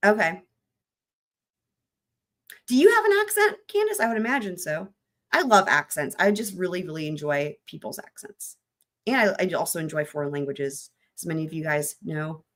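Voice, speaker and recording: A woman's voice: fairly low pitch, animated, moderate pace, fairly bright tone. A woman hosting a true crime live stream, chatting loosely with her viewers in a rambling, casual way.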